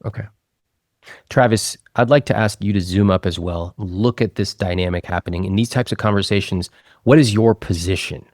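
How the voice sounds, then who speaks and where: A man hosting a personal finance interview, asking calm, probing questions of a couple. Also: on the low side, moderate pace, no echo, clean studio sound. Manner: calm, probing questions, quotes others' words back. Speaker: host, financial advisor.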